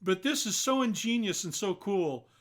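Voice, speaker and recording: A man's voice: high voice, expressive, normal speed. Chatty older man over guitar. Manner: chatty, greeting viewers by name, warm asides. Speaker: singer-songwriter hosting a live stream concert. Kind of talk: casual chat between songs.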